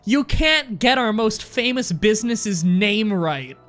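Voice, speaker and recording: A woman's voice: mid-range voice, lively intonation, slow, a bit bright, faint music behind. A Canadian woman commenting on a game she plays, ranting in mock outrage and swearing a lot. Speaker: let's play host. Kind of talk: casual gameplay commentary.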